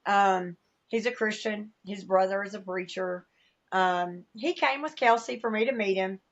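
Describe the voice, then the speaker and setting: Southern woman guest, candid and emotional storyteller, mid pitch, slightly dull recording. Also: a little slow. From American South. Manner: candid, emotional storytelling, acts out quoted voices. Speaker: podcast guest. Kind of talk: personal testimony in conversation.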